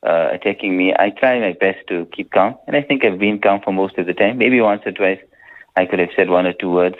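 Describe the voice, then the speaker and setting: An Islamic scholar answers listener questions on a radio call-in, speaking emphatically and repeating his points. His voice is low and fairly quick, and the broadcast sound is dull.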